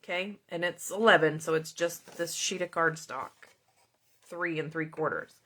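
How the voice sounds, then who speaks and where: Speaking a little slowly in a low-pitched, steady, slightly bright tone, a middle-aged woman hosts a card-making video. She keeps up casual conversation with viewers and calls out commenters by name while crafting.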